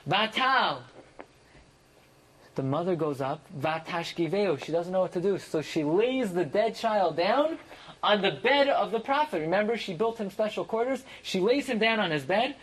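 A man teaching a classroom Bible lesson, translating verse by verse and jumping up in pitch for emphasis. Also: poor audio. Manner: animated, rises sharply in pitch for emphasis. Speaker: Torah teacher.

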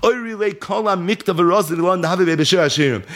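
A man teaching a Talmud lecture. He reads Aramaic text aloud, then translates it and tells the story with animated energy. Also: sits high, quick pace. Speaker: Torah teacher.

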